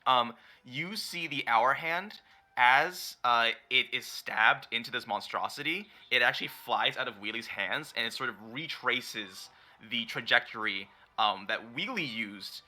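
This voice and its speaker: A man's voice: mid-range voice, a little slow, sharp tone. A man running a tabletop game as dungeon master, narrating with many fillers and easy laughs.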